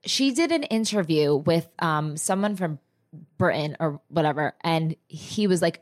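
A woman's voice: on the low side, lively intonation, moderate pace. A young woman with a New Jersey accent co-hosts a casual podcast. She laughs often, swears freely and cuts in over her friend. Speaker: podcast co-host. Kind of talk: casual chat.

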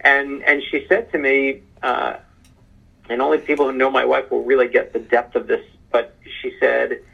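A man being interviewed as an author on a podcast, telling stories in an animated, emphatic way over a remote call. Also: mid-range voice, normal speed, vocal fry, husky, lo-fi sound. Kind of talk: casual interview chat.

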